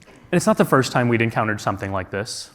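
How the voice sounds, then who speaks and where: Speaking quickly and expressively, this American man tells a personal story on a conference stage, his tone earnest and reflective and peppered with rhetorical questions. His voice is medium in pitch and fairly bright. Long reverb from the large hall surrounds him.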